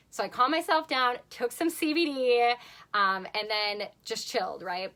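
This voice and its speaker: Chatty young woman with a bright voice. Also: medium pitch, expressive, brisk. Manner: chatty, lots of "like", swears casually. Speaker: vlogger. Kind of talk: casual storytelling to camera.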